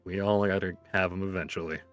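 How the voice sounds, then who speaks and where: A man's voice: low-pitched, steady tone, fast, clean tone, soft background music, close to an everyday voice. A man voicing an easygoing one-eyed male mercenary with a dry delivery.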